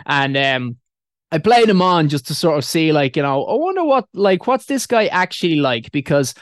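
An Irish man with a slightly high voice talks casually, rambling with lots of fillers and restarts and dropping swear words. The sound is dry and close to the mic. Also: big pitch swings, brisk, dry recording. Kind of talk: casual chat.

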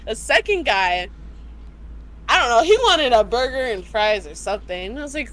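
An American woman co-hosting a casual podcast, animated and exclaiming as she retells a story from work. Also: high-pitched, moderate pace, a little hiss or hum, low-quality recording. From United States. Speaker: podcast co-host.

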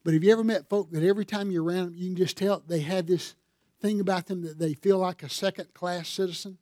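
A man's voice: high voice, fairly even intonation, fast talker, mellow, dry recording, clean studio sound. A man preaching a sermon as pastor, telling stories in a folksy way and building to fervent emphasis.

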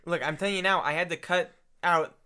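A man's voice: fairly high pitch, fairly even intonation, bright, forceful tone, clear, resonant tone. A man co-hosting a podcast in casual chat, joking around and laughing often. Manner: giggly, jokey, quick to laugh. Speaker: podcast co-host.

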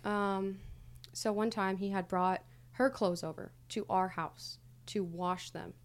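A young adult woman speaks slowly in a steady, mid-range voice as a podcast guest. In this casual interview she openly looks back on her past, hesitating and leaning heavily on fillers.

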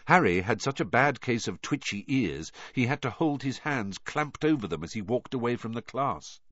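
A man narrating a storybook in a measured, expressive way. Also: mid-range voice, no echo, muffled recording. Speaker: audiobook narrator.

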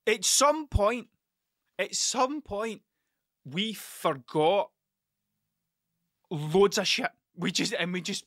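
A Scottish man hosts his podcast in a loose monologue, swearing constantly and losing track of his point before circling back. His voice is bright and forceful. The sound is dry and close, with no room echo. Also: high-pitched. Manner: rambling, heavily profane, self-interrupting. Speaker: podcast host. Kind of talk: casual monologue.

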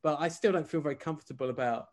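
Dry, sardonic man, higher-pitched. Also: racing. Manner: dry, sardonic, self-deprecating. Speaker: panelist. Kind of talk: casual group chat.

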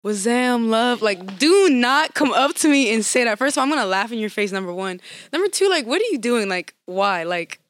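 A woman's voice: fairly high pitch, very animated, brisk, few pauses, no echo. A young woman with a Louisiana accent, a podcast guest who speaks frankly and animatedly and laughs easily. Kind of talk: casual chat.

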